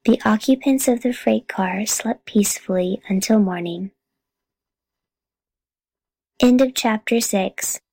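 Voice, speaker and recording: A woman narrating a children's chapter book in a calm, steady reading voice. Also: medium pitch, slow, long pauses, husky, dry recording, low-quality recording. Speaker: audiobook reader. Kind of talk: storybook narration.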